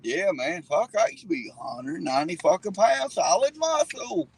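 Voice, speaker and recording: A man's voice: sits high, wildly swooping pitch, normal speed, gravelly, slightly rough, poor audio. A man telling stories in a car, cursing freely and laughing at himself. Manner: profane, laughing storyteller. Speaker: guest riding along. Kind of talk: casual chat.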